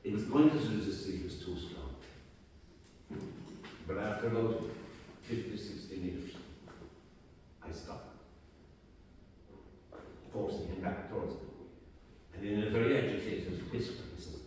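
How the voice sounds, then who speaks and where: A man with an Irish accent telling a story on stage in a live one-man show, swinging between loud and hushed and often repeating himself. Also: on the low side, animated, a little slow, long pauses, noisy background. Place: stage in a hall. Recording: echoey hall, mic far off.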